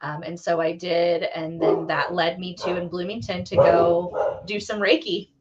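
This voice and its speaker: A woman's voice: on the low side, fairly even intonation, a little slow, heavy background noise. A woman teacher casually telling a personal story, with lots of fillers and restarts. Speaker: guest, teacher. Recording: dull lo-fi audio.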